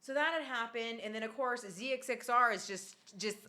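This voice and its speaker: A woman's voice: a little high, normal speed. A woman hosting a podcast, telling a story in casual chat with lots of fillers and free swearing. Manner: animated, swears freely, many fillers. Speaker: podcast host.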